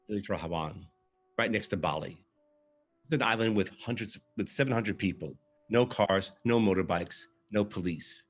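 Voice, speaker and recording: Guy with a low husky voice doing a live storytelling monologue, expressive first-person stuff. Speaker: performer reading his own story. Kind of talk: live theatrical monologue reading.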